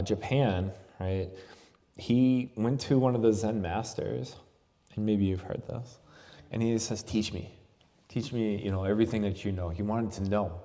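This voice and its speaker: Brief: male yoga teacher, conversational festival talk, warm dark tone, reverberant hall sound. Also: fairly low pitch. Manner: conversational, asks "right?" often. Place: festival venue.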